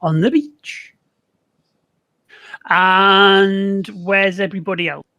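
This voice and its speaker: An older man playing a tabletop game, speaking deliberately with a mock-menacing edge. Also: high voice, fairly even intonation, bright, forceful tone, no room sound. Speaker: player.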